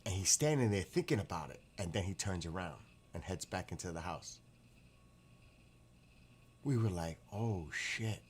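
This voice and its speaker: A man hosting a casual livestream from his backyard at night, excitable, exclaiming and laughing often as he reads the chat. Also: low voice, normal speed, pauses often, a little hiss or hum. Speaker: livestream host.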